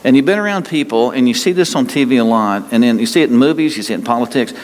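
A man in the middle pitch range preaching with folksy emphasis, stretching key phrases slowly and circling back to repeat them. His voice rings out with a long reverb tail, as in a large hall. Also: lively intonation. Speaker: pastor. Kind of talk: sermon.

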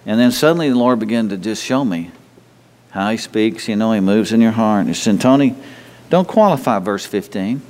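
Folksy preacher in a reverberant sanctuary. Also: male voice, brisk, a little mellow. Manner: folksy, conversational, often asks the congregation questions; mimics others in a high mocking voice. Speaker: pastor. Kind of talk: sermon.

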